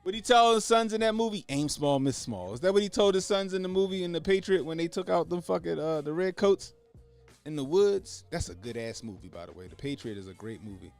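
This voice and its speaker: A man's voice: fairly high pitch, a little fast, gravelly, faint music behind. A man hosting a casual livestream, talking animatedly with lots of swearing and laughter while answering his chat. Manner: animated, profane, laughing, reading chat aloud. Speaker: livestream host.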